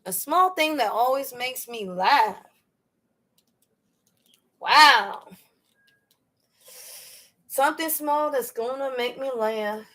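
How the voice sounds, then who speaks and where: Her voice sits high and sounds animated and sharp, but she speaks slowly with frequent pauses. She's a chatty, slangy livestream host who laughs a lot while telling stories and fielding viewer questions.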